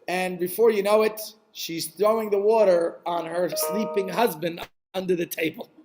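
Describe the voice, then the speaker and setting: A man telling a Hasidic story aloud, animated and sprinkled with Yiddish words. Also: sits high, a little slow, music in the background.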